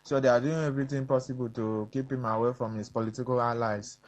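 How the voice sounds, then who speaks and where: A man calling into a radio show, giving his opinion earnestly with frequent halting fillers. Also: mid-range voice, fairly even intonation, poor audio. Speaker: caller. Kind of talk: phone-in opinion.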